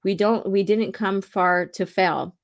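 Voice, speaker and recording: A woman's voice: medium pitch, steady tone, slow pace. Stern male rebel captain, commanding, urgent, a woman reading his comic lines aloud, plain mid voice. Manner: reads lines aloud with small lifts, some stumbles.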